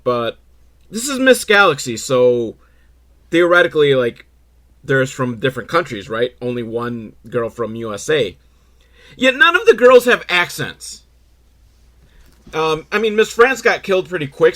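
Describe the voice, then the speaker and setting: A man recapping a movie in a casual comedic way, sarcastic and profane, breaking into quick character voices. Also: a little high, big pitch swings, fairly bright tone.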